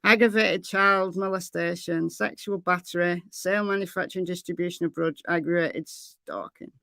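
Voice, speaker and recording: A woman's voice: on the low side, fairly even intonation, moderate pace, gravelly, fairly bright tone, no echo, clean studio sound. Chatty Lancashire woman streaming. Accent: Lancashire English. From Lancashire, England. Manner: chatty, repeats phrases, reads chat aloud. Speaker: true crime livestream host. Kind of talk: casual livestream chat answering viewers.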